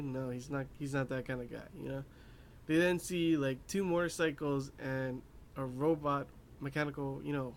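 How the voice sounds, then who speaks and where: Young male anime reviewer, mid pitch, loose rambling recap with faint background noise. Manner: rambling, many fillers, laughs at his own asides. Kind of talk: casual episode recap.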